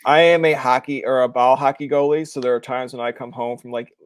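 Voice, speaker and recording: A man's voice: mid-range voice, brisk, clean tone. A young man from Canada hosting a podcast, chatting casually and acting out the people in his stories. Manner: animated storyteller, acts out quoted people. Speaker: podcast host. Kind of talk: casual chat.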